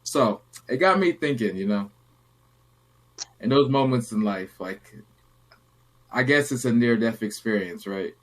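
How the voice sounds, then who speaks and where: A young man hosts a loose podcast chat at a mid-range pitch, drifting through a story with lots of "like" and "you know". He talks in a relaxed, unhurried way and slips into voices for the people he quotes. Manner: relaxed, rambling, acts out quotes. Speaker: podcast host.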